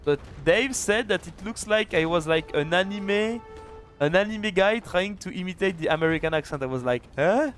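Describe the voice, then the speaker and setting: A man casting a live strategy game match, chatty and excitable, with quick restarts. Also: sits high, faint music behind. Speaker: esports caster and streamer. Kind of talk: live video game commentary.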